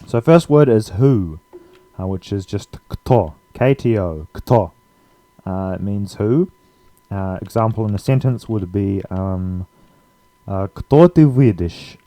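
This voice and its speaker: Man teaching a language, low mellow voice, dry close sound, easygoing delivery. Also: slow, no room sound. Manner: relaxed, with frequent fillers and laughs. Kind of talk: casual language lesson.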